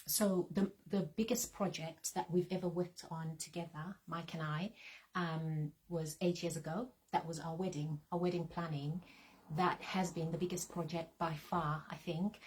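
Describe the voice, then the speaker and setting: A woman talking casually with her husband as co-host, chatty and unhurried, with frequent ums. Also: low voice, fairly even intonation, a little mellow. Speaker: co-host, business partner. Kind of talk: casual chat.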